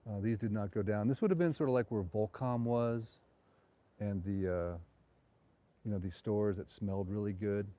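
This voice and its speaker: A man's voice: lowish voice, normal speed, mellow. A middle-aged man hosting a live walking tour at night, chatting and digressing as he goes, recorded on a phone outdoors. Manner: rambling, digressive, chatty asides. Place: outdoors on a town street at night.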